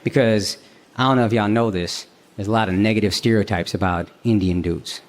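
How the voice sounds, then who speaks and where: A man's voice: fairly low pitch, steady tone, fairly quick. An American man in his thirties from Texas doing brash, profane stand-up comedy with crowd work, recorded live on stage.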